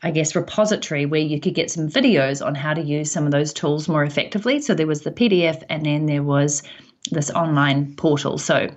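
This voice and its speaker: A woman's voice: sits low, a little fast. A woman with a New Zealand accent, telling stories in a chatty way with plenty of ums as a podcast guest. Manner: chatty storytelling with frequent ums. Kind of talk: casual podcast interview.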